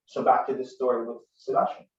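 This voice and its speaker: A Canadian man in his thirties gives an earnest, conversational talk as a guest speaker, built on personal stories and growing forceful. His medium-pitched voice is completely flat and fairly quick, captured in a distant, roomy, lo-fi recording.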